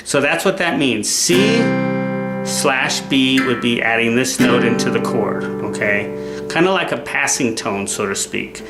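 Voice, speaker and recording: A man's voice: medium pitch, unhurried. A man giving a casual guitar lesson, who keeps checking in with the viewer by asking "okay?". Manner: relaxed, repeats "okay?" to check in. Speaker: guitar teacher. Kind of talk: casual instructional talk. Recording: roomy sound with loud guitar playing. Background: guitar playing.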